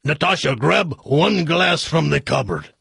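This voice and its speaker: A man doing a gruff Russian guy with a put-on accent. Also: fairly high pitch, expressive, a bit bright, dry recording, clean studio sound, exaggerated voice. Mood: gruff boasting. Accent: put-on mixed Russian accent. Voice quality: gruff, thick-accented, drawn-out words.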